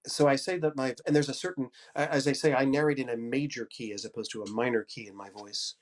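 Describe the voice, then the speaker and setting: This conference speaker, a fifty-something audiobook narrator and coach with a head cold, talks fast with fairly even intonation in a mid-range voice. He's generous and upbeat, offering plenty of encouragement.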